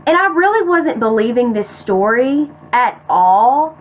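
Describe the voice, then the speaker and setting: A woman's voice: fairly high pitch, sing-song, a little slow. A woman in her late teens telling a personal story to the camera in casual storytime style, full of "like" and "you guys". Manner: chatty, many "like"s, keeps addressing "you guys". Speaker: vlogger. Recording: tinny phone-like audio, faint hiss.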